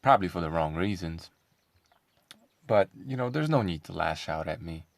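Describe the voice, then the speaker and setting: A man's voice: low-pitched, expressive, moderate pace, vocal fry, dry recording. A man talking in a casual commentary vlog, sarcastic and combative, firing off rhetorical questions. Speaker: online commentator.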